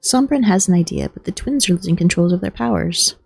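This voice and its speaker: A woman streaming a game, chatting in a relaxed, wry way and reading dialogue aloud. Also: fairly low pitch, brisk, creaky, slightly rough, faint music behind, poor audio. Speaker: gaming streamer. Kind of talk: casual gameplay chat, reading dialogue aloud.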